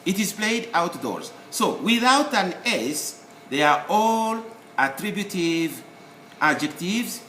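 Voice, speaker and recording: A male teacher talks through a spelling lesson slowly and carefully, one word at a time. His voice sits a little high and swings widely in pitch. It is heard in an echoey room with faint background noise. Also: big pitch swings, pushed and bright. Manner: slow, deliberate, explains word by word with pauses. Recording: roomy echo, faint ambience.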